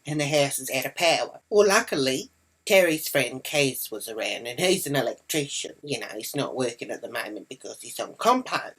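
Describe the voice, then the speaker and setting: A woman's voice: deep voice, low-quality recording. A woman with an Australian accent telling a brash, indignant storytime rant, swearing freely and acting out what everyone said. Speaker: vlogger. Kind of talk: ranting storytime monologue.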